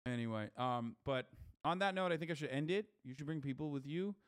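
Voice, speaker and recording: A man's voice: a little high, animated, brisk. A man streaming live, reading chat and talking loosely and profanely with lots of fillers. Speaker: streamer host. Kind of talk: casual livestream chat, reading chat messages.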